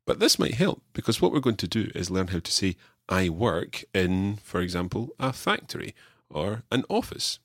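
Low husky male language teacher. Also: big pitch swings, moderate pace, no room sound, studio quality. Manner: clear, drills learner with repetition. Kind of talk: podcast language lesson.

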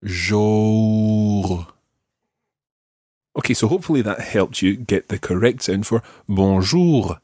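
A Scottish man leads a language lesson in a husky, low voice. He shapes each French word slowly and carefully so it can be repeated back. The sound is dry and close. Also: lively intonation, a little mellow, dry recording. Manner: slow, careful modelling of French words for repetition. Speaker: language teacher.

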